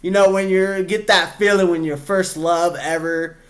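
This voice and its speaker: Chatty young man reacting, slightly high voice. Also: steady tone, normal speed, fairly bright tone. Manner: chatty, laughs often, acts out quoted voices. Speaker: reaction video host. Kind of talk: casual reaction commentary.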